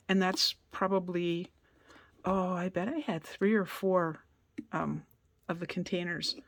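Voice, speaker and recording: A woman's voice: on the low side, vocal fry, dry recording. A woman from Canada giving a casual card-making tutorial in her basement studio, chatty and self-deprecating, thinking aloud as she works. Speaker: craft demonstrator.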